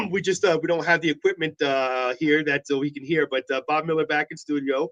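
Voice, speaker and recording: A man's voice: on the high side, normal speed, fairly bright tone, dull audio. A man co-hosting a local morning show, joking and playfully defending himself in studio banter. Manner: playful, mock-defensive teasing.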